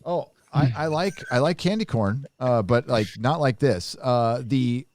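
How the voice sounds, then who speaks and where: A man's voice: mid-range voice, measured pace, a little mellow. A man hosting a live show, chatting casually and rambling with lots of swearing and restarts. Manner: profane, rambling, restarts often. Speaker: podcast host.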